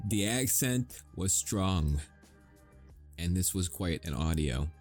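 Casual low-voiced American man. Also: lively intonation, takes it slowly, darkish tone, soft background music. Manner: rambling, swears, chuckles often. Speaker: audio roleplay creator. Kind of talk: casual chat to listeners.

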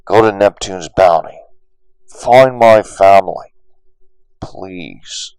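A man voicing a scheming man talking over a radio, urgent and pleading, in a loud, forceful voice. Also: low voice, takes it slowly, smooth, no echo, low-quality recording.

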